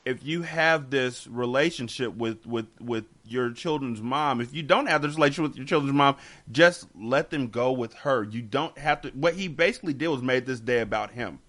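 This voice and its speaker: A man's voice: mid-range voice, normal speed, a bit bright. A man hosting a casual podcast chat, talking emphatically and repeating words as he gets heated. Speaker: podcast host.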